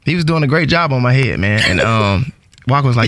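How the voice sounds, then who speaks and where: A man telling a story in casual chat, animated and laughing as he talks. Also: medium pitch, brisk, no echo. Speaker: comedian guest.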